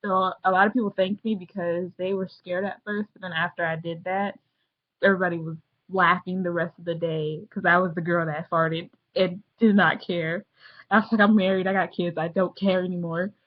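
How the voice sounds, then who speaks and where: A woman's voice: on the low side, dull audio. A young woman telling a story in a casual vlog, bubbly and rambling, jumping into the voices of the people she quotes. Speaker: vlogger.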